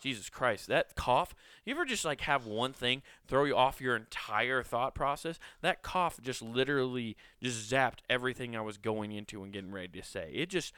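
A man's voice: medium pitch, animated, normal speed, hardly any pauses, bright, forceful tone, clear, resonant tone, no room sound. A man in his thirties hosting a podcast, rambling casually, swearing and joking at himself. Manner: rambling, swearing, self-mocking. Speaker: podcast host.

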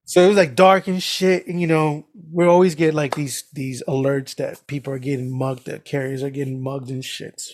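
A man on a casual podcast, telling animated stories with lots of swearing and laughter. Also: medium pitch, moderate pace, few pauses, no room sound, studio quality. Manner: animated storytelling, heavy swearing, frequent laughs. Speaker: podcast co-host.

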